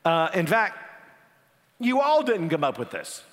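Animated preacher in a reverberant hall. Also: male voice, on the high side. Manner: animated, dramatic pauses, repeats words when emphasizing. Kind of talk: sermon.

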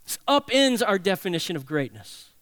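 A man preaching a sermon, telling a story dramatically, swinging between loud and hushed. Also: sits high, very animated, moderate pace, clear, resonant tone, no echo. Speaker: pastor.

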